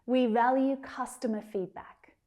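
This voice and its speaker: Woman, Australian accent, pronunciation teacher, slow and careful, mellow tone. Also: on the high side, steady tone. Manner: clear, careful enunciation of single words; encouraging, speaks directly to learners. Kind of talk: scripted lesson.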